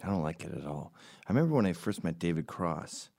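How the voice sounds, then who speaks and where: A man with a very low voice that still swings widely in pitch, riffing through a comedic monologue. He rambles and undercuts himself with dry, sarcastic asides. When he quotes other people, he jumps into loud, high voices. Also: very animated, fast.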